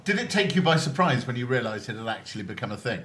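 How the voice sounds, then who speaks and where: A man's voice: medium pitch, big pitch swings, fast talker, fairly bright tone. A man hosting an interview over lunch at a restaurant, asking brief prompting questions. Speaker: interviewer and host.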